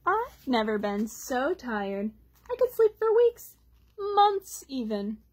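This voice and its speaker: A woman voicing a tired, grumpy bear in a storybook reading, giving short, flat refusals. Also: sits high, takes it slowly, full character voice. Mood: weary. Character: sleepy, grumpy bear wanting rest.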